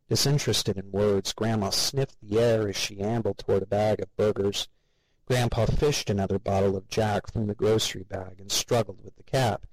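A man narrating a story with a steady, even reading. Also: lowish voice, normal speed, no room sound, poor audio.

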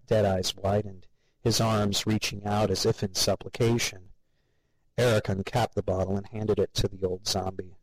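A man narrating a story with a steady, even reading. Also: on the low side, no room sound, poor audio.

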